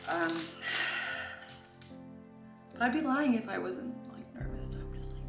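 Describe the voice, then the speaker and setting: A woman vlogging in a rambling, chatty way, full of "like" and "um", sometimes dropping to hushed asides. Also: medium pitch, lively intonation, unhurried, gravelly, long pauses. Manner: rambling and chatty, heavy use of "like" and "um". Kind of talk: casual confessional vlog. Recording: echoey room with background music.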